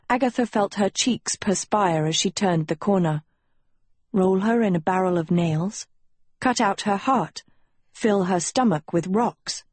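A woman reads a novel aloud in a slow, deliberate storytelling voice. Her pitch sits in the middle, and she gives each line room. The recording is close and dry. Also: a little mellow, no echo. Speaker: audiobook narrator. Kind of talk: scripted audiobook narration.

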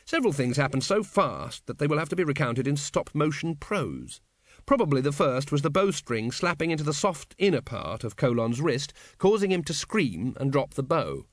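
A man narrating an audiobook with lively, expressive storytelling. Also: on the high side, normal speed, no room sound, studio quality.

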